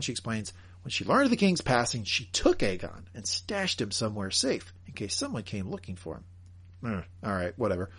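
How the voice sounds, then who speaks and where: Animated husky-voiced man recapping. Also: mid-range voice, a little fast. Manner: animated, jokey, emphatic. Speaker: podcast co-host. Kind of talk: casual review chat, recapping plot.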